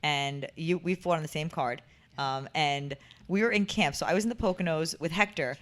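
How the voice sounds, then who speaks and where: A woman hosting a podcast, telling an animated, laughing story about her old boxing days. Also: deep voice, moderate pace. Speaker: podcast host and former boxer. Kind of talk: casual storytelling chat.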